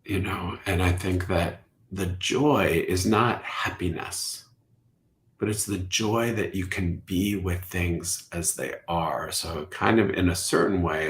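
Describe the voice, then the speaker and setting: A middle-aged man, a Zen teacher, speaking softly and contemplatively as a podcast guest, sometimes dropping to a whisper. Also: deep voice. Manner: slow, soft-spoken and contemplative, drifting into whispers. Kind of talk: reflective podcast conversation.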